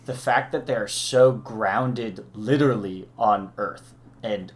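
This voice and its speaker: A man's voice: on the low side, takes it slowly. A man co-hosting a casual movie discussion podcast, talking with lots of fillers and frequent laughs. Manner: chatty, laughs often, filler-heavy. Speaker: podcast co-host.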